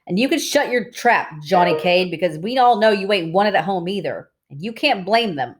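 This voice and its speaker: A woman's voice: mid-range voice, lively intonation, normal speed, lightly acted. A woman reading aloud, voicing a hurt, bitter teenage boy who snaps when he speaks. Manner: bitter, snapping.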